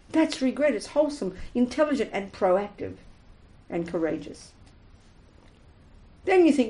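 Woman teacher, slightly high voice, emphatic and animated, dharma talk to a group. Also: measured pace, pauses often, low-quality recording. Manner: emphatic, animated, acts out little scenes. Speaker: Buddhist teacher.

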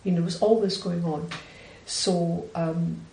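Scottish nun telling a story, blunt and animated, gravelly voice, echoey room. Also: female voice, lowish voice, measured pace. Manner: direct, animated storyteller who acts out quoted dialogue. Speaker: Buddhist nun. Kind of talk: recounting a personal story in conversation.

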